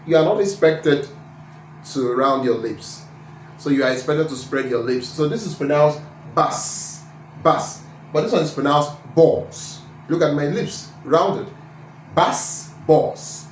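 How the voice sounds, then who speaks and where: A man's voice: fairly high pitch, echoey room, a little hiss or hum. A man with a Nigerian accent teaching IELTS speaking pronunciation, repeating sample words and spelling out letters.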